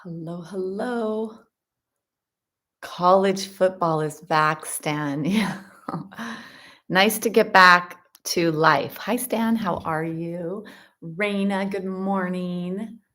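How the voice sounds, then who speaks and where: A woman's voice: lowish voice, fairly even intonation, slow pace, sharp tone. Chatty middle-aged woman yoga teacher. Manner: chatty, rambling, greets students by name. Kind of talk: casual chat before an online class. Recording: roomy echo.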